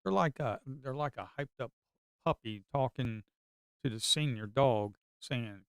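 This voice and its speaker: Man, middle-aged, casual trading commentary, chatty, repetitive, sarcastic, smooth clear voice, dry close sound. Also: mid-range voice, a little slow, fairly bright tone, no echo. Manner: chatty, repeats himself, sarcastic asides. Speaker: day trader streaming live.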